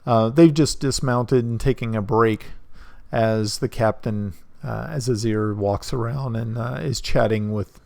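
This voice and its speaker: Gravelly male game master, halting and filler-heavy, dry close mic. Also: mid-range voice, darkish tone, no echo. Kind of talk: narrating a tabletop game.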